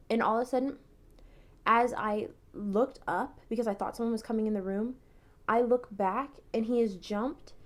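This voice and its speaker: A woman's voice: medium pitch, darkish tone. A young woman telling a personal story in a casual, chatty way, full of "like" fillers. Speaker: TikTok creator.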